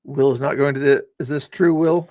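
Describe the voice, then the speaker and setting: A man's voice: mid-range voice, steady tone, moderate pace, darkish tone, dry recording. A man hosting a casual livestream, rambling and teasing his guests and chat with sarcastic inflection. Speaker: livestream host.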